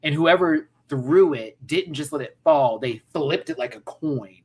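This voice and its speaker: A man's voice: on the high side, lively intonation, measured pace, breathy edge. A man in his thirties hosting a casual pop-culture rant, sassy and campy with frequent laughs. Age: 30s. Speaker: host.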